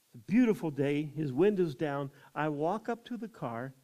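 A man's voice: fairly high pitch, lively intonation, normal speed, dark tone. An older man and chaplain telling personal faith stories in a folksy way, often acting out what other people said. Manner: folksy, acts out others' quoted words. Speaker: chaplain and evangelist. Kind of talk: personal testimony storytelling.

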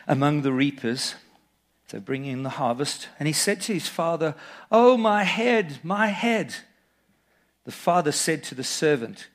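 A middle-aged man preaching a sermon, reading scripture aloud and telling personal stories in an earnest manner. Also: mid-range voice. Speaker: pastor.

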